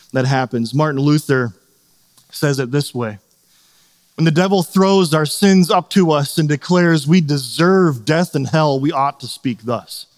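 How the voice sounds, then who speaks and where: Man preaching conversationally in a reverberant hall. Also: fairly high pitch. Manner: conversational, asks "right?" often, acts out quotes. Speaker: pastor. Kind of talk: sermon.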